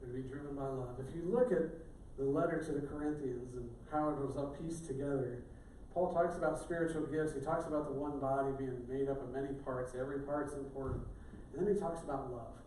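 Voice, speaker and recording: A man's voice: medium pitch, fairly even intonation, fairly quick, hardly any pauses, dark tone, a little hiss or hum. A middle-aged male pastor giving a sermon in a conversational, joking way. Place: church sanctuary. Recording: echoey church room, distant mic.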